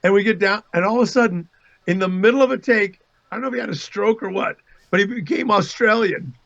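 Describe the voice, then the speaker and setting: A man guesting on a casual livestream, an animated storyteller who laughs often, heard over a video call. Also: sits high, fast talker, gravelly, highs cut off. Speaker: voice actor guest.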